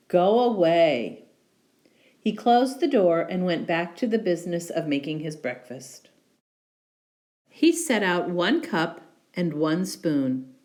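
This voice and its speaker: A woman reading a children's picture book aloud in an expressive, unhurried storytelling manner. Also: sits low. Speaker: storybook reader.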